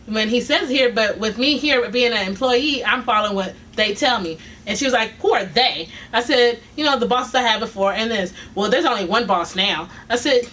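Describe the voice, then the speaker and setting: A woman's voice: on the high side, fairly bright tone. A woman telling a casual story, acting out both sides of an argument and laughing often. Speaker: vlogger telling a work story. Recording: distant mic with faint noise.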